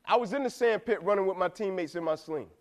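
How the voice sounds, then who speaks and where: Emphatic high-voiced male motivational speaker. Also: quick pace. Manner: emphatic, repetitive, asks "right?" a lot, slangy. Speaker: motivational speaker to college football players. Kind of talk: motivational speech.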